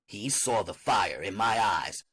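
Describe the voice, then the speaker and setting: A man's voice: on the low side, animated, measured pace, fairly bright tone, slightly rough. A man reading an audiobook aloud in first-person narration.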